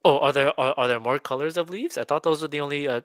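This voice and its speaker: A man's voice: on the high side, quick pace, dry recording. A young man from Texas hosting a live radio talk show, chatting with a guest and reading listener comments, with frequent fillers and restarts. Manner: hesitant, many fillers and restarts.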